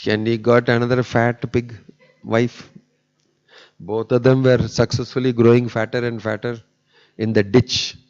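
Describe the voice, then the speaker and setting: A man's voice: mid-range voice, darkish tone. A man giving a humorous, storytelling sermon as a monk, recorded on dull lo-fi audio. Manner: storytelling with humor, rising to emphatic peaks.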